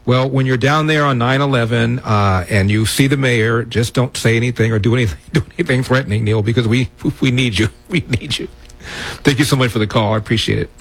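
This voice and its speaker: A man hosting a call-in radio show, asking a caller probing questions and calmly steering the conversation. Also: medium pitch, quick pace, hardly any pauses. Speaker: radio talk show host.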